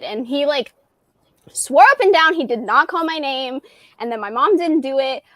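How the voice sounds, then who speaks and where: A slightly high-voiced woman chats on a livestream from her home, acting out the back-and-forth of a ghost story with plenty of "like". Her voice sounds close and dry. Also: quick pace, a bit bright, dry recording. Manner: chatty, retells dialogue with lots of "like". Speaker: guest on a livestream. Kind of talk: casual storytelling chat. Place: at home in a townhouse.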